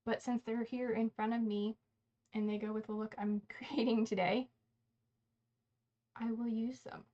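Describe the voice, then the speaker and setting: A woman with a slightly high voice chats through her makeup routine on a casual livestream. She rambles, trips over words and corrects herself as she goes. The sound is a little dull and lo-fi. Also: little pitch movement, a little slow, mellow. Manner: chatty, rambling, self-correcting. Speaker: beauty livestream host. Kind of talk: casual get-ready-with-me livestream chat.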